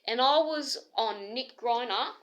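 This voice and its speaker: The recording is muffled, and this Australian woman speaks unhurriedly in a fairly high voice. Her rambling complaint is personal, agitated and aggrieved, leaping from one story to the next.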